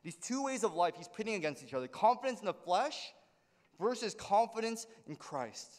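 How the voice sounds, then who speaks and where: A man's voice: high-pitched, big pitch swings, moderate pace, long reverb tail. A male pastor preaching a sermon in an earnest way, often checking in with "right?" as he explains. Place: church sanctuary.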